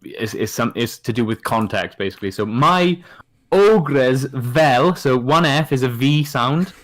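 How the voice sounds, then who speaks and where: A man's voice: medium pitch, lively intonation, measured pace, a bit bright. A man, a podcast guest in casual chat, patiently spelling out words and laughing often.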